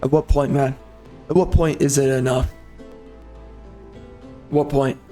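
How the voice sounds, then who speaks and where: A man's voice: medium pitch, fairly even intonation, a little slow, mellow, soft background music. Angry sarcastic man ranting over gameplay. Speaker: gameplay video host.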